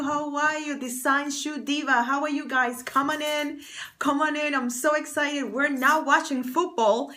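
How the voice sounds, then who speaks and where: A woman's voice: high voice, fairly even intonation, normal speed, bright, forceful tone. A woman hosting a casual livestream as a fashion stylist and confidence coach, chatty and bubbly, thanking viewers by name. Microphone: external mic on phone stream.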